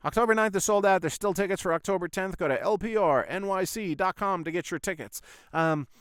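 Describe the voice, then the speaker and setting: Speaking a little fast in a high, fairly bright voice, a podcast host loosely rambles through a long personal story, swearing often and retelling moments with "I was like." This casual monologue has clean studio sound with no echo.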